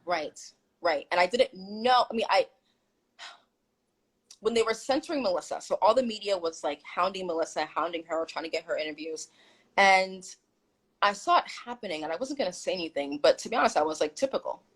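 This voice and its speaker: A woman's voice: lowish voice, fairly quick, husky, rough recording. A woman guest telling a story in casual chat on a video call, acting out what people said. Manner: animated, acts out quoted dialogue.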